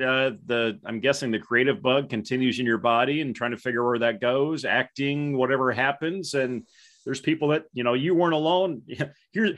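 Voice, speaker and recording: A man's voice: mid-range voice, fairly bright tone. A man hosting an interview, asking casual, leading questions. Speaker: podcast host. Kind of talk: conversational interview.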